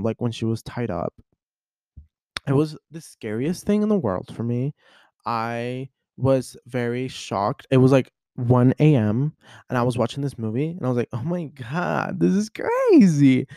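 A man's voice: medium pitch, no echo, studio quality. A young man hosting a podcast, chatting casually and animatedly retelling a story, acting out the people in it. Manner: animated storyteller, acts out voices. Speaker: podcast host. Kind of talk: casual chat.

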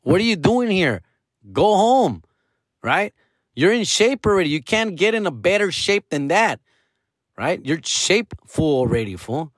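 A young man with a Chicano accent, switching into Mexican Spanish slang as he vlogs to viewers, profane and animated. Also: fairly high pitch, dry recording, clean studio sound. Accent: Chicano, English mixed with Mexican Spanish slang. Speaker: vlogger taking acting classes. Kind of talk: casual monologue to viewers. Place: small dim room with a lamp.

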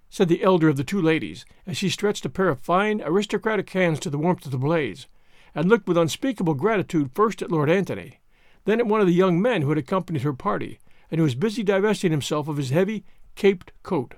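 A man narrating a classic novel in an expressive storytelling manner. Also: sits high, fast, dry recording, clean studio sound. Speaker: audiobook narrator.

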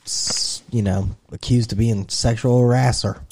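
A man's voice: mid-range voice, steady tone, measured pace, a little mellow, slight background noise. A man from Indiana in casual podcast chat, rambling, swearing casually and laughing often.

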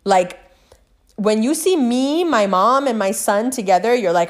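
Fairly quick and on the high side, a middle-aged woman vlogger rattles through a meandering personal tale in casual monologue. She curses liberally and swings between loud, excited moments and hushed retelling.

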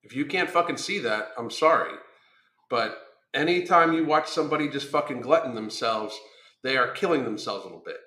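A man's voice: medium pitch, lively intonation, a little fast, sharp tone, echoey room. A man who is a weight-loss coach, delivering a blunt, combative monologue full of swearing. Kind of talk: profane ranting monologue.

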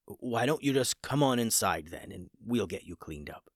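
A man voicing a kindly, bumbling old male wizard who stammers when flustered, in a low voice close to his own. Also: lively intonation, moderate pace, fairly bright tone, no echo. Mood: reassuring.

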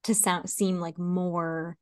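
A chatty woman co-hosting a podcast, rambling loosely with lots of fillers and easy laughter. Her voice sits at a middling pitch. The sound is close and dry. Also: flat delivery, slow pace, no room sound. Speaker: podcast co-host. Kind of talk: casual chat.

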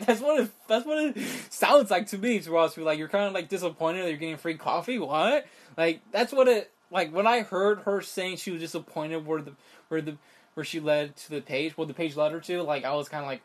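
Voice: medium pitch, fairly quick. A young adult vlogger ranting in a casual, rambling way, exasperated and incredulous, with constant "like" fillers and restarts. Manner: rambling, heavy use of "like" fillers. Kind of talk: casual rant to camera.

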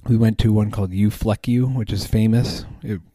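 A man's voice: on the low side, steady tone, moderate pace, warm tone, no room sound. A man hosting a podcast, chatting casually in a rambling way with many ums and restarts. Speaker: podcast host. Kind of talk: casual chat.

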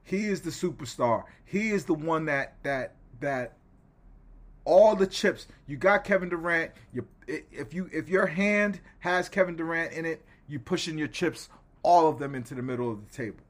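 A man co-hosting a basketball podcast, talking emphatically in a casual, animated way and pausing mid-thought. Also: on the high side.

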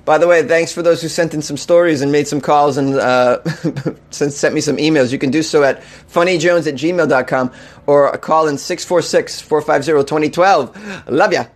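A man's voice: fairly high pitch, moderate pace. Laughing, incredulous male comedy host. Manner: mocking, incredulous, laughs often. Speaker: host of a comedy news segment. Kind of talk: comedic news commentary.

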